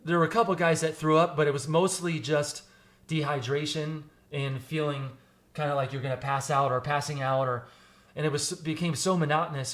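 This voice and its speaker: A man, a podcast guest, telling stories in an animated, casual way. He often repeats and restarts words. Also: fairly high pitch, brisk. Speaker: podcast guest, former firefighter recruit. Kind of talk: casual interview storytelling.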